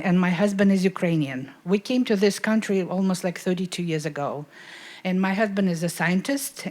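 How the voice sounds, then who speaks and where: Earnest Russian-born woman asking a question. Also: lowish voice. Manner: earnest, apologetic, grows louder and more emphatic. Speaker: audience member asking a question. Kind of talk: emotional audience question at a lecture.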